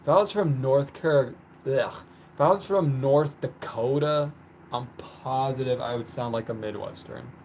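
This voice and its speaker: A man's voice: medium pitch, a little slow, gravelly, a little mellow, a little hiss or hum. A man from North Carolina chatting casually to his live-stream viewers, rambling and laughing often mid-sentence. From North Carolina, USA.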